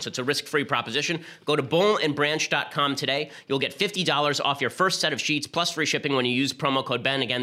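A man hosting his own political podcast, talking rapidly and argumentatively through commentary and an ad read. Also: medium pitch, sharp tone. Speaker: podcast host.

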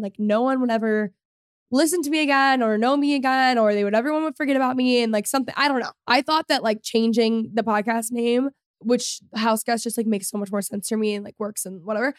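A woman's voice: fairly high pitch, brisk, no room sound, studio quality. A woman in her twenties hosting a solo podcast, chatting casually and rambling with lots of fillers. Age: 20s. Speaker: podcast host.

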